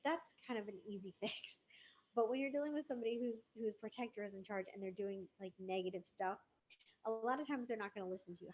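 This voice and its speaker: A woman's voice: mid-range voice, a little mellow, slight background noise. Chatty woman giving relationship advice. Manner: chatty and reassuring, with many fillers. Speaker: psychic and relationship advisor. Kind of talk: casual livestream advice talk.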